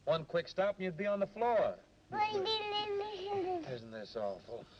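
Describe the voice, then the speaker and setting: A breezy crooner cabbie, lively delivery, 1930s film sound. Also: male voice, on the high side, measured pace. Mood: teasing. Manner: breezy, joking, chatty. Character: easygoing young male cab driver and crooner. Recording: dull old film soundtrack with hiss.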